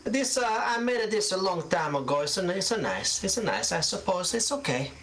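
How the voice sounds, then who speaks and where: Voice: mid-range voice, sing-song, moderate pace, a bit bright, slight background noise, pitched above the performer's own voice. A game master voicing an elderly Italian woman tailor who runs a fabric shop, talking in broken English and ending questions with "huh?". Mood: sweet.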